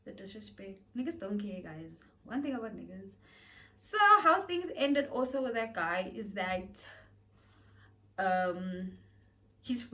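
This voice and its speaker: A young woman telling a storytime on her vlog, chatty and dramatic. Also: medium pitch. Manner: dramatic, chatty, animated retelling with acted quotes. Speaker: beauty vlogger. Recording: voice a bit far from the mic.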